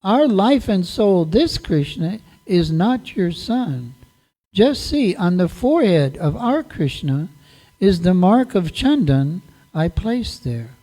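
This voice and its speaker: A man voicing a gentle, respectful young woman. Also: sits high, sing-song, takes it slowly, full character voice.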